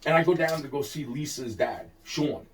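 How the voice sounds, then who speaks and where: A man's voice: on the high side, animated, moderate pace, a little hiss or hum. A man telling a personal story in a heated, profane, repetitive rant. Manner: heated, profane, repeats himself and restarts often. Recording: distant mic.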